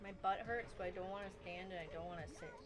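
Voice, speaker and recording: A woman's voice: lowish voice, fast. A young woman from New England chatting casually over gameplay, blunt and teasing and swearing freely. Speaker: let's play co-host.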